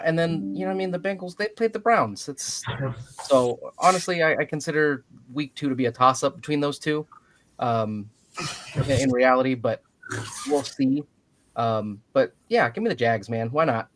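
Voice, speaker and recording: A man's voice: medium pitch, a bit bright, a little hiss or hum. A man co-hosting a casual sports chat, joking and contrarian, with lots of fillers and restarts. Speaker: podcast co-host.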